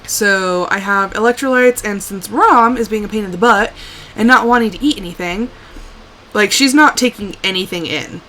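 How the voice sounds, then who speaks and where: A woman's voice: mid-range voice, moderate pace, a little hiss or hum. Tired, rambling woman streamer. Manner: rambling, sighing, trailing off into quiet asides. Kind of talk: casual live-stream chat while playing.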